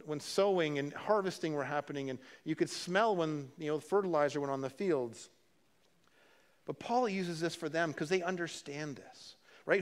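A man preaching a sermon in a relaxed, conversational way, his voice sitting a little on the high side for a man. He often repeats words and restarts his phrases, and slips in dry, humorous asides. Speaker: pastor.

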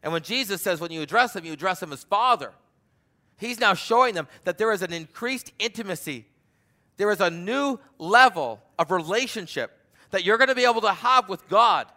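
A middle-aged man preaching a sermon, swinging from loud emphatic passages to quiet, personal storytelling. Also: sits high, lively intonation, moderate pace. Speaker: pastor.

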